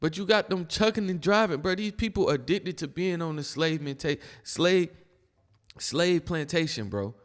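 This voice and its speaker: A man's voice: a little high, animated, normal speed, in a large hall. A man giving casual reaction commentary in a blunt, slangy, exasperated manner.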